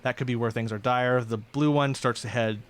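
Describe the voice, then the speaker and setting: A man's voice: mid-range voice, fairly even intonation, moderate pace, clear, resonant tone. A man narrating as game master of a tabletop game, casual and self-deprecating, laughing easily.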